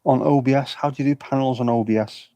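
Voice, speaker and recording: A man's voice: medium pitch, fairly even intonation, quick pace, dark tone, dry recording. A man livestreaming from an outdoor air show, rambling and joking with his chat. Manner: jokey, rambling banter with chat.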